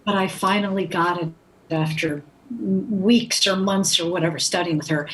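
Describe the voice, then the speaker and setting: A woman's voice: lowish voice, normal speed, a little hiss or hum, rough recording. A middle-aged actress telling stories in conversation, acting out the people she quotes. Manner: animated anecdotes with acted-out quotes. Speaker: actress, guest. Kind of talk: conversational storytelling.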